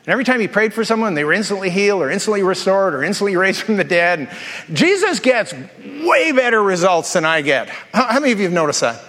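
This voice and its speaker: A man's voice: high-pitched, big pitch swings, a bit bright, in a large hall. A male pastor preaching a sermon with humorous storytelling and playful asides. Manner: jokey storytelling, quick asides and self-repeats.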